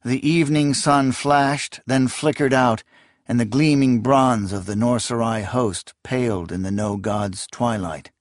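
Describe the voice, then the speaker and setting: A man giving scripted audiobook narration in a measured, even storytelling manner. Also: mid-range voice, dry recording, clean studio sound.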